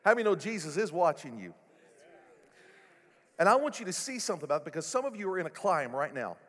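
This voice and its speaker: Animated preacher in a ringing church. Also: male voice, sits high, fast talker. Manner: animated, rising to loud exclamations. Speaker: pastor. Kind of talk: sermon. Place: church sanctuary. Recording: echoey hall.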